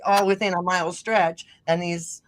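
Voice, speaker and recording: Slight background noise sits under her lowish, fairly even voice, which moves at a moderate pace. The middle-aged guest, a musician-podcaster with a northern Minnesota accent, chats casually, rambling through tales and laughing often.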